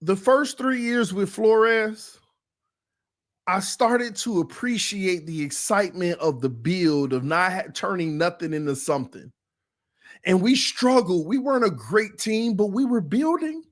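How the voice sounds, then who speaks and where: A man with a high-pitched voice hosts a sports fan livestream in casual commentary. He talks in an emotional, confessional way and keeps circling back to repeat his point. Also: animated, unhurried. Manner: casual, repeats himself for emphasis. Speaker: sports fan show host.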